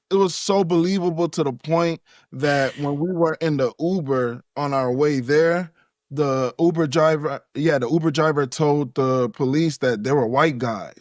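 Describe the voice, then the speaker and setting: A man's voice: on the high side, a little slow, a little mellow, no echo, studio quality. A man being interviewed, talking in a casual, rambling way and laughing often. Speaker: interview guest.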